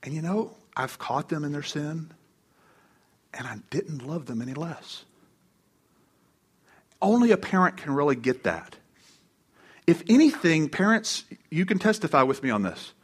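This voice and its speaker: A middle-aged pastor, his voice on the high side and husky, preaches a little slowly with frequent pauses and big swings in pitch. Before a live congregation in church, he shares a funny personal story and performs the voices of those he quotes.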